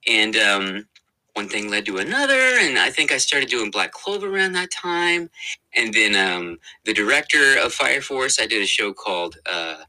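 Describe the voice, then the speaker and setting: A man's voice: on the low side, big pitch swings, moderate pace, bright, forceful tone, poor audio. A man, a voice actor, chatting casually in an interview, laughing often and talking with many fillers and restarts. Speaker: voice actor guest.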